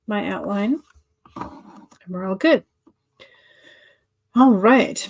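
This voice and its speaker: A woman's voice: mid-range voice, drawn-out words, vocal fry, pauses often, a little mellow. A woman hosting a writing-sprint livestream, chatting casually and answering viewer comments with many fillers and restarts.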